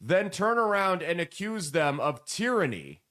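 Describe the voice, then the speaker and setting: A man hosting a political commentary show, animated and sarcastic, mocking the people he quotes. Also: sits high, a little slow. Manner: animated, sarcastic, mocking voices when quoting.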